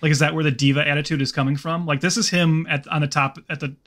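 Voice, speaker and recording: A man co-hosting a casual movie podcast, voice sitting a touch higher than most men. He rambles through his points with a steady stream of "like" and restarts. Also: quick pace. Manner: rambling, filler-heavy, lots of "like". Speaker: podcast co-host. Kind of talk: casual film-review chat.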